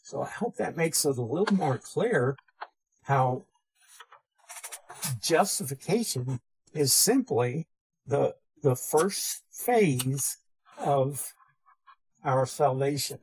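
A man's voice: mid-range voice, animated, slow pace, long pauses, a little mellow, breathy edge, rough recording. A man teaching a theology lesson, methodically defining terms and repeating key phrases. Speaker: Bible teacher. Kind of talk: theology lecture.

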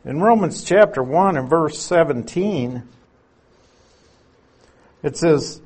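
Slow, husky-voiced male Bible teacher. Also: fairly high pitch, animated, a little mellow. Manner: patient, explanatory, leans on key words. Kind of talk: expository sermon.

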